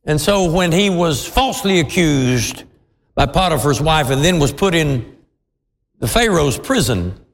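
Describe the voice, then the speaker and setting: A man preaching a sermon as pastor, dramatic and storytelling, bursting into shouts now and then. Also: on the high side, lively intonation, measured pace, creaky. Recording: long hall reverb.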